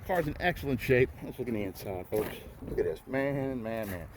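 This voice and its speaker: A man's voice: medium pitch, expressive, fairly quick. A man selling used cars on an outdoor lot, talking folksy and hyping his deals to viewers as he walks from car to car. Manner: folksy, hypes deals, repeats "riding out" and "folks". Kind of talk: walk-around car sales pitch. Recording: faint outdoor noise.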